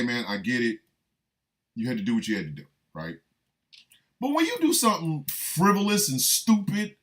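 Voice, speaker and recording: An older man hosting a radio show, riffing in an animated, rambling comic monologue full of emphatic repetition. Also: a little high.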